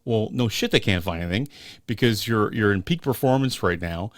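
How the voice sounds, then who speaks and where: A man's voice: on the low side, expressive, a little fast, no room sound, studio quality. A man co-hosting a casual podcast, loose and joking, swearing now and then. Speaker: podcast co-host. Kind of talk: casual chat.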